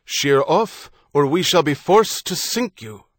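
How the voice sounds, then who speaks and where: A man voicing a stern male naval rating who bellows orders through a loud hailer. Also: medium pitch, expressive, normal speed, dry recording, clean studio sound, pitched above the performer's own voice, natural voice. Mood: stern commanding. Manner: barking official orders.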